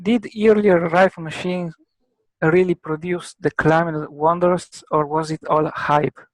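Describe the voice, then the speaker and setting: A man with an Italian accent explaining a technical subject as a guest expert, halting often with filler sounds. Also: fairly high pitch, steady tone, no room sound, poor audio. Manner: halting, many filler pauses.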